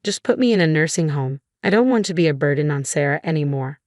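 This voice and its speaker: A gentle, frail old mother-in-law speaks softly but firmly, as a woman reading the story voices her. The voice is low and deep, and the recording is dry and close. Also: expressive, quick pace, no echo. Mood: stern. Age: older. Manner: gentle, stern when roused.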